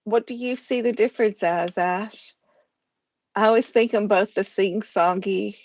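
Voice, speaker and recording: A woman's voice: medium pitch, fairly even intonation, measured pace, darkish tone, no echo. An American woman with a slight Southern drawl co-hosting a poetry livestream, chatty and giggly as she reads out viewer comments. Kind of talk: casual chat.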